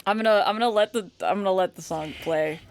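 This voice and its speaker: A woman hosting a casual reaction video, gushing excitedly and swearing freely. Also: mid-range voice, fast, no room sound, faint music behind.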